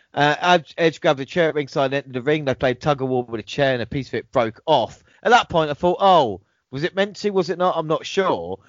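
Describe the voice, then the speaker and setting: A podcast host with a fairly high-pitched voice chats casually about wrestling, reading out match results and reacting with laughs and swearing. The recording has no room sound and its highs are cut off.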